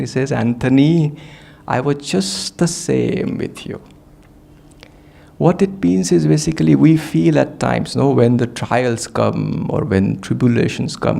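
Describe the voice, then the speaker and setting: A man's voice: mid-range voice, gravelly, darkish tone. A man giving a devotional talk at a satsang. He speaks reflectively and asks many rhetorical questions. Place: meditation hall.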